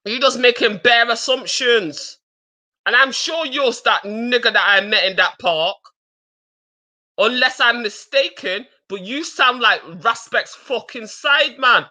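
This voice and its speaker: A woman's voice: on the high side, a little slow, pushed and bright. A woman with a Manchester accent talking on a live-stream panel, blunt, profane and confrontational. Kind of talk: heated live-stream talk.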